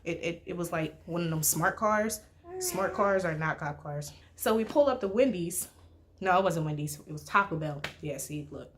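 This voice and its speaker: A young woman telling a casual, animated story with lots of slang and filler "like"s. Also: on the low side, normal speed, noisy background. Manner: slangy, animated, heavy use of "like". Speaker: storytime vlogger.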